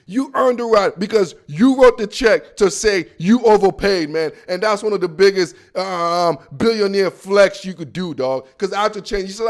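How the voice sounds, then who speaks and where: A man hosting a sports podcast, ranting in animated, slangy talk and calling listeners "dog". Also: high voice, normal speed, few pauses. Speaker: podcast host.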